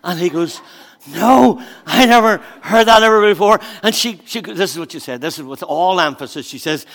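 High-voiced storytelling pastor in a reverberant hall. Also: male voice, lively intonation, normal speed, vocal fry. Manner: storytelling with acted-out voices, swings between quiet asides and loud emphatic bursts. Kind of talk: sermon.

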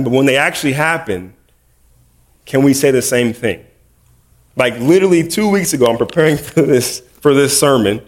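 This sermon comes in a fairly high-pitched voice at a slightly fast clip. The man preaching, a middle school teacher too, keeps it conversational and casual, telling funny stories at his own expense.

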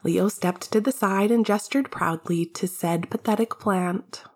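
Woman, fan fiction narration, wry and casual, breathy tone. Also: medium pitch, unhurried, darkish tone. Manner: wry, casual, swears freely. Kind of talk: fan fiction audiobook reading.

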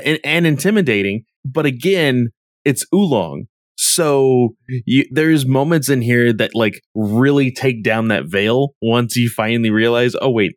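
A man's voice: mid-range voice, no room sound, studio quality. A man co-hosting a casual manga podcast, talking thoughtfully and restarting phrases as he searches for words. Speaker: podcast co-host.

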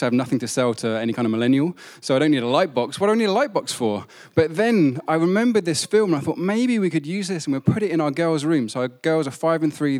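A man, preaching a sermon in a conversational, self-deprecating way. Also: on the high side.

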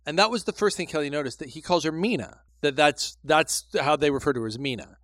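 Man, podcast co-host, bright, forward voice, rambling casual storyteller. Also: on the high side, fast, no echo, studio quality. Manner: rambling, self-interrupting storyteller. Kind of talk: casual chat.

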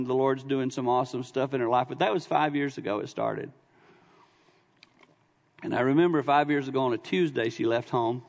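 A middle-aged man preaching a sermon in a church, telling stories conversationally with humor and sudden bursts of emphasis. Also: medium pitch. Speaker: visiting preacher. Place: church sanctuary. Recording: long hall reverb in a church.

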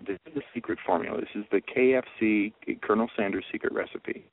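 Male news reporter guest, low voice, animated storytelling, tinny phone-line radio audio. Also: fast talker. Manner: animated, acts out quoted conversations.

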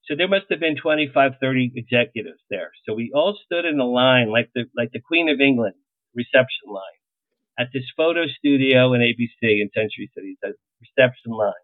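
A middle-aged man tells animated stories in an interview, jumping into the voices of the people he quotes. His voice sits at an ordinary pitch. It comes through a thin, phone-like line with no room sound. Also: fairly quick, no room sound. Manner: animated anecdotes, acts out quoted lines. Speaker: publicist guest. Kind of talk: storytelling interview. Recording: tinny phone-like line, dry.

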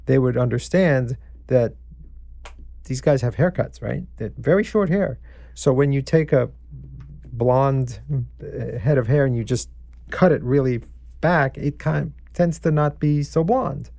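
Gravelly man, easygoing storyteller. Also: medium pitch, unhurried, warm tone, dry recording. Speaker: film producer. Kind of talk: casual conversation about filmmaking.

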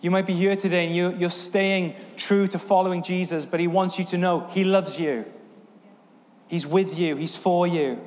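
A man's voice: sits high, steady tone, normal speed, long reverb tail. A man preaching a sermon as pastor, earnest, with a repetitive, building cadence. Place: church sanctuary.

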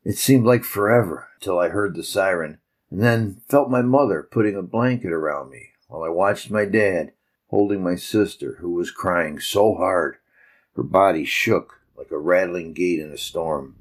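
A man narrating a story with a measured, reflective telling. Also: low voice, rough recording.

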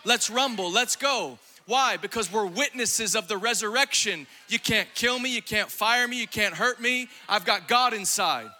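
Fiery high-voiced male preacher. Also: moderate pace, few pauses. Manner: fiery, exuberant, shouting and laughing at times; acts out quoted voices in his preaching. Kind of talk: sermon.

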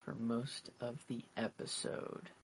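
A man's voice: medium pitch, level tone, slow, husky. A man co-hosting a podcast in a playful, casual chat, laughing often. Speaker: podcast co-host.

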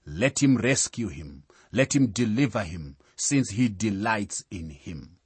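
A man preaching a sermon in a solemn, deliberate way, reading out scripture references. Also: fairly low pitch, expressive, husky, no room sound.

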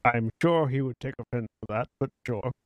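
A man's voice: mid-range voice, moderate pace, no echo. A man playing in a tabletop game, joking wryly in casual banter. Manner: wry, joking. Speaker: player.

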